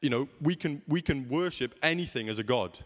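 A man's voice: medium pitch, animated, fairly quick, big-room sound. A young man preaching a sermon in a conversational way, often asking rhetorical questions.

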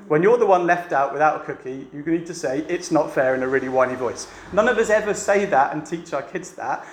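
A man's voice: sits high, slight background noise. A man preaching a sermon to a church meeting in a chatty way, often asking the room rhetorical questions. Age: adult with a family. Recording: echoey room with faint ambience.

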